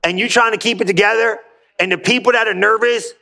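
A man preaching a lively sermon, talking casually with slang and frequent asides to the congregation, telling stories between scripture. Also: high-pitched, quick pace, vocal fry. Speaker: pastor.

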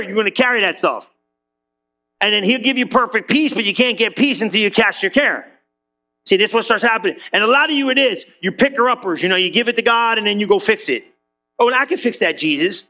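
A male pastor preaching an animated, conversational sermon in church, slangy and joking with the congregation. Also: high-pitched.

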